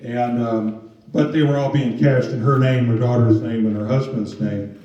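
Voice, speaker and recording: Mellow man speaking in a roomy hall. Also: mid-range voice, steady tone, normal speed. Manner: conversational, with many fillers. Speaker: presenter on scams. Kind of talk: storytelling talk to an audience. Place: museum meeting room. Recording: roomy, distant, dull sound.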